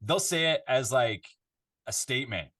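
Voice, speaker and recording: A Canadian man, a voiceover artist, chatting casually in an interview from his home control room, animated and full of fillers. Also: medium pitch, normal speed. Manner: animated, conversational, lots of fillers.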